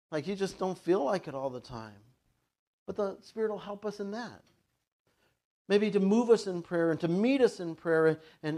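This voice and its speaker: A male pastor preaching a sermon in a relaxed, conversational way, dropping into quick quoted asides. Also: high voice. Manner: conversational, plays God and a child in quoted asides.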